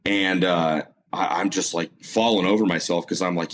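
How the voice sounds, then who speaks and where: A deep-voiced man spins a long anecdote in a relaxed interview, full of "uh" and self-repeats. A faint background noise sits under the recording. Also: normal speed, few pauses. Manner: animated storyteller, many fillers and self-repeats. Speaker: guest, motorsport announcer. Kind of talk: casual storytelling interview.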